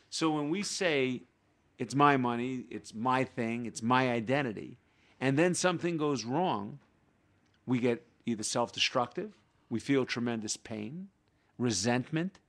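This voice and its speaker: A man, a guest on a talk show, reading short passages aloud and then explaining spiritual ideas with everyday examples. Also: medium pitch. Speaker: guest teaching Kabbalah.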